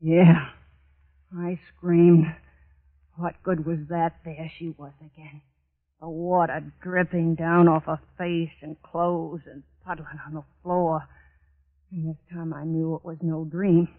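A woman's voice: sits low, flat delivery, slow pace. Haunted, unhinged killer woman. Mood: frightened. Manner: feverish, repeating herself, brooding. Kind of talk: 1940s radio acting. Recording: tinny old radio broadcast.

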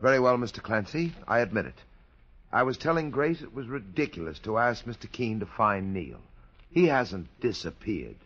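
An actor playing a defensive family friend in a 1940s radio drama, speaking curtly. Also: male voice, on the low side, lively intonation, normal speed, fairly bright tone. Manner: defensive and curt. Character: defensive male family friend, tense suitor. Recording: muffled old radio broadcast.

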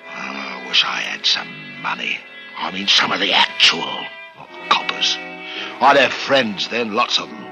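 Actor as a bitter lonely hangman, slow and sullen, radio drama. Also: mid-range voice, creaky, low-quality recording. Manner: sullen muttering, flares into shouting. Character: lonely bitter male hangman, working class.

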